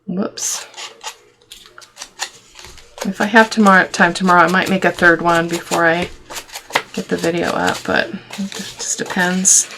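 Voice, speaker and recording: A woman's voice: fairly low pitch, animated, unhurried, pauses often, background noise. A middle-aged woman hosting a casual craft tutorial, chatty and affectionate, thinking aloud with fillers as she works. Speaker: craft video host.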